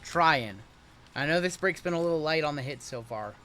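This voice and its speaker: A young man hosting a live-streamed card break, joking and hyping each pull in rapid running banter. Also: a little high, animated, fairly bright tone, a little hiss or hum.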